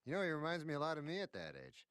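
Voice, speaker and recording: Death, a mopey cartoon reaper. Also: male voice, a little high, wildly swooping pitch, rapid-fire, fairly bright tone, smooth, dry recording. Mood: wistful. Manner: dry, self-deprecating grumbling. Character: Death, male cartoon grim reaper, mopey and self-pitying. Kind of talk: cartoon voice acting.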